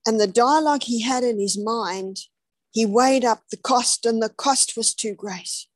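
A woman's voice: a little high, measured pace, no room sound. A woman preaching a sermon, telling the story dramatically, dropping to whispers and then rising with emphasis. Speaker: health speaker preaching.

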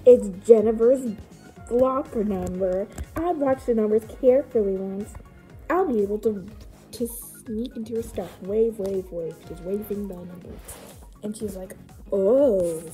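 A woman's voice: medium pitch, measured pace, warm tone, faint music behind. A woman casually reading aloud her own childhood book and adding amused, mocking, incredulous comments on it.

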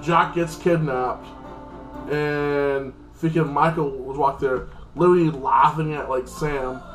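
A man talks through a TV episode in a loose, rambling recap, leaning on fillers as he goes. His voice sits a little high. The room is echoey, with faint music underneath. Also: steady tone, slow, a bit bright. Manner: rambling, heavy with fillers like "like" and "freaking". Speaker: channel host reviewing a TV episode. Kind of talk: casual spoken episode recap.

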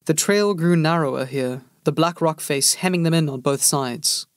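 Steady male audiobook narrator, dry sound. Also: on the high side, normal speed, dry recording. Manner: steady, even storytelling. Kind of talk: scripted narration.

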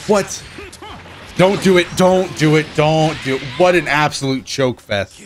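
A man giving excited, self-mocking commentary over his own fighting-game matches, groaning at losses and cheering at wins. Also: fairly high pitch, measured pace. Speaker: gaming channel host. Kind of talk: live gameplay commentary. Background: game music and sound effects.

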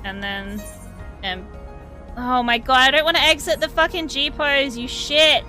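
A woman streaming a game live, chatting to her viewers, laughing often and swearing freely when she gets excited. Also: high voice, measured pace, faint music behind. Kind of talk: live gameplay commentary.

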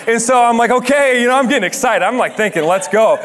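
A young man giving a chatty, joking sermon that tells a story and builds to shouted emphasis. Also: very high-pitched, expressive, fast talker, a little hiss or hum. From Dutch heritage. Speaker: guest preacher.

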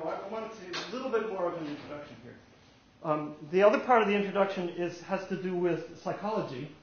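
A man in his sixties giving a technical lecture at a society meeting, with a halting, rambling delivery and wry humor. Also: on the high side, a little hiss or hum. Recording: very echoey, dull room recording.

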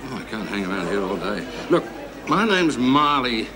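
An actor playing an impatient businessman in a sitcom, talking in a brisk, businesslike way. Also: on the low side, sing-song, crowd noise. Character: impatient businessman waiting at an airport. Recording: 1970s TV sitcom with audience laughter.

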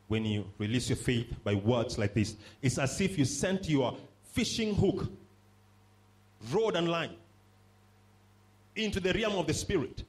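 A male preacher delivering a sermon in a fairly high voice that rises and falls widely. He drives his points home through repetition and draws the congregation in to respond. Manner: emphatic, repeats phrases for stress and calls on the congregation.

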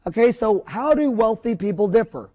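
A man's voice: sits high, lively intonation, normal speed, dark tone. A middle-aged man giving a blunt, opinionated seminar lecture at a whiteboard, rambling with folksy mild cursing.

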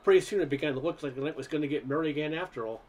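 A man's voice: fairly high pitch, racing, darkish tone. A man reading a first-person story aloud in a conversational way, with occasional stumbles. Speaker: narrator.

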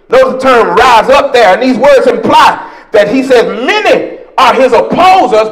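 A pastor delivers a sermon in a strikingly high voice for a man. He preaches with passion and speaks straight to the congregation. He climbs into shouts and draws out words for emphasis. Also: poor audio. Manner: impassioned preaching, rising into shouts and drawn-out words; addresses the congregation directly with "y'all". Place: church.

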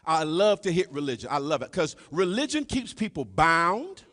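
A very animated pastor preaches at normal speed with a fairly bright tone, captured on a live stream in a church sanctuary with long hall reverb. He calls out to the congregation again and again, repeating "y'all," and drops to low murmurs between emphatic lines.

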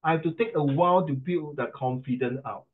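A middle-aged Singaporean man with a fairly high voice speaks briskly while coaching pronunciation in an online class. He keeps things chatty and teasing, slips into Mandarin, and is heard through a tinny video call line.

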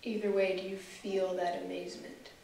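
A woman guest speaker leading a guided scripture meditation, asking the listener slow, reflective questions. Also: mid-range voice, little pitch movement, creaky, darkish tone. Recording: echoey room from far off, faint hiss.

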